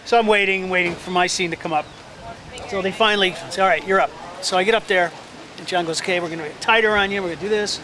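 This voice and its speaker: A man telling an animated story about his first film role in a casual interview, acting out the other people's lines. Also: sits high, fast. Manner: animated storyteller, acts out quotes, many restarts. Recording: crowd noise outdoors.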